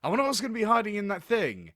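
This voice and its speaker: A man's voice: sits high, wildly swooping pitch, rapid-fire, a bit bright, no echo, studio quality. A young man hosting a let's play, reading game text aloud and rambling with giggles as he thinks aloud. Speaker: gaming video host.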